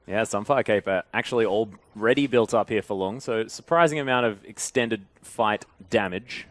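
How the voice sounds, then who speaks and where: A man calling an esports match play-by-play, swinging from relaxed chatter to loud, fast calls in big fights. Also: on the low side, no echo. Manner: excitable, rising loud and fast in big plays. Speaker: esports commentator.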